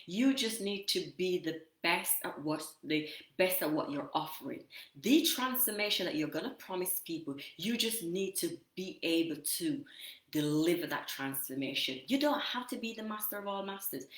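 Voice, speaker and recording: Energetic British Jamaican woman coaching. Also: on the low side, roomy sound, poor audio. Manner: energetic, emphatic and repetitive, addressing viewers directly. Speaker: business coach. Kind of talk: motivational talk to camera.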